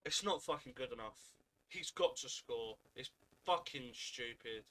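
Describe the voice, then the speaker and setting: A man's voice: medium pitch, expressive, unhurried, pushed and bright. A young man giving angry, expletive-filled play-by-play commentary while watching a football match live. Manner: swears constantly, seething play-by-play. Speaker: football fan streamer.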